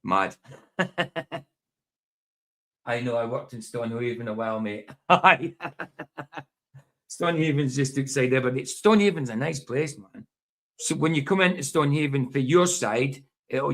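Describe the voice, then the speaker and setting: A man speaks with a broad Doric accent from Scotland's northeast. His voice sits at an ordinary middle pitch, and he chats loosely, laughing often and repeating phrases as he goes. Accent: Doric Scottish. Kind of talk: casual chat.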